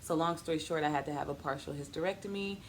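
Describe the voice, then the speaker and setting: A woman's voice: low-pitched, fast talker, slight background noise. A woman in her thirties sharing a personal testimony in a vlog, earnest and faith-filled, acting out the people in her story as she tells it. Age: 30s. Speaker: vlogger.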